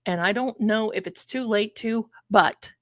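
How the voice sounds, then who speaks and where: Older woman rambling on a live stream, slow easygoing talk, dry close sound. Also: medium pitch, no room sound. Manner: chatty, digressive, storytelling asides. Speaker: host of a live tarot and commentary stream. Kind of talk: casual live-stream commentary.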